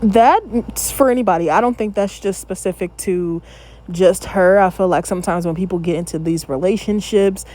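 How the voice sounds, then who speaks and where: A woman in her thirties talks straight to her audience as host of her own channel. She reacts casually and candidly and drifts into opinionated asides. Her voice sits at an ordinary middle pitch. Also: normal speed, mellow. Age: 30s.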